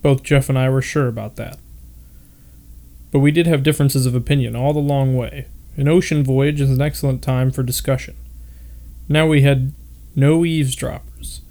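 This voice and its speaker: A man's voice: medium pitch, steady tone, moderate pace, warm tone. A man reading an old novel aloud for his podcast, breaking off now and then to puzzle over odd words. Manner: stops to comment on odd words. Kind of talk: casual read-aloud with asides.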